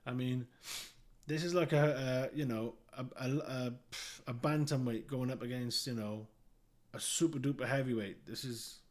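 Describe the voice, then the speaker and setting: A man's voice: medium pitch, steady tone, moderate pace. A man reading out news and giving blunt, profane, scornful commentary.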